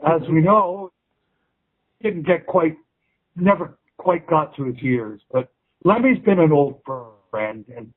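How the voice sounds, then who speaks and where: A male musician, appearing as a guest in a casual interview, speaks in a fairly high voice with lively intonation and a slow pace. He rambles, keeps restarting his sentences, and swears freely, all over a tinny phone line.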